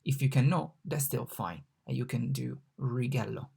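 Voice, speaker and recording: A language mentor giving a recorded online lesson, patiently repeating each example word slowly. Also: medium pitch, vocal fry, mellow, husky.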